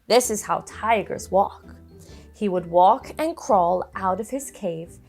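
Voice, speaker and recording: A woman's voice: medium pitch, animated, slow, a little mellow, soft background music. A young woman telling a story to children, coaxing them to join in with gasps and playful animal noises.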